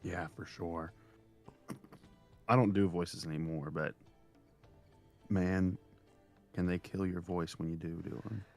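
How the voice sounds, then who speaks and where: A man's voice: deep voice, fairly even intonation, takes it slowly, long pauses, a little mellow, soft background music. A man chatting as a guest on a livestream, easygoing and agreeable, often giving short replies. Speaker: guest, sleep story narrator. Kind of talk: casual chat.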